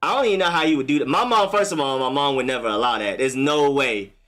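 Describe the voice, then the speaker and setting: A young man in mid-pitch hosts a laid-back live stream from home, answering viewer comments one after another. He enunciates with deliberate care in his broadcaster voice, and soft music runs underneath. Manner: relaxed, chatty, answers chat comments one by one. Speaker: livestream host. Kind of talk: casual live-stream chat.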